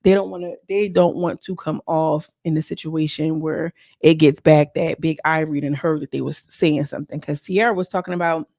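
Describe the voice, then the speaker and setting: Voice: mid-range voice, fairly even intonation, normal speed, vocal fry, hardly any pauses, a little mellow, no room sound, studio quality. A vlogger recapping a reality show in a casual, slangy, gossipy way, talking straight to the viewers. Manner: slangy, chatty, addresses viewers as girl. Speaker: show reviewer.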